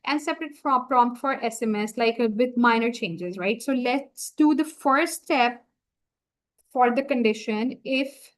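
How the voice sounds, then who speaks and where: A woman walking viewers through a software setup on a screen-share tutorial, talking through each click as she goes. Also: a little high, poor audio. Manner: slow, explanatory, talks through each click. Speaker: software trainer.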